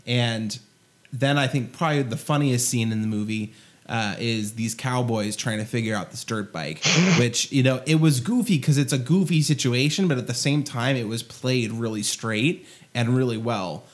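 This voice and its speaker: A man chatting through a movie's story on a podcast. He is loose and conversational and keeps pausing to find his words. His pitch sits in an ordinary middle range. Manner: retells the plot with many fillers. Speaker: podcast co-host. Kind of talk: casual movie review chat.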